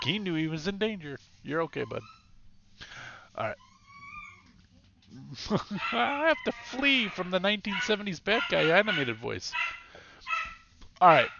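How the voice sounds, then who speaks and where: A man narrating a tabletop game as game master, rambling and correcting himself as he goes, with a quick laugh. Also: on the high side, muffled recording, background noise.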